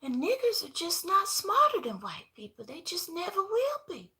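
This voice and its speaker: A woman voicing a spoiled, cruel little girl in a soft, high, girlish voice. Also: wildly swooping pitch, moderate pace, exaggerated voice. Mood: sweetly taunting.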